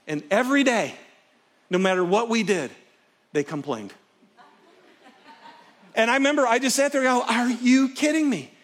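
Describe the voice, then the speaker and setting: A middle-aged male pastor delivering a sermon to a live congregation, his voice sitting noticeably high for a man. He tells stories vividly, rising loud and animated, then dropping to near-hushed intensity to drive a point home. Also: moderate pace, pauses often. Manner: expressive storyteller, swings from loud excitement to hushed intensity. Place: stage before a live congregation.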